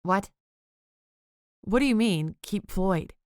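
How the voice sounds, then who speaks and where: A woman's voice: mid-range voice, animated, takes it slowly, a little mellow, dry recording, clean studio sound. A woman voicing a grieving schoolteacher in an audiobook, shaky, tearful and bitter. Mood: incredulous. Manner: bitter, raised, emotional pleading. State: crying, voice shaking.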